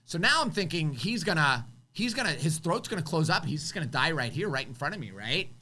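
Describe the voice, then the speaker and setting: Co-hosting a live show, a man with a brisk voice on the high side relates an emotional story. He is animated, acts out people's quotes, and swings loud and soft.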